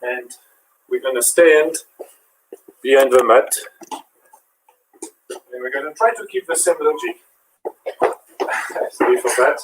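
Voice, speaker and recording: A man's voice: mid-range voice, slow pace, pauses often, reverberant, far from the mic, background noise. A man with a French accent, a fitness instructor who counts reps and coaches while he exercises. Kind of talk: live workout demonstration.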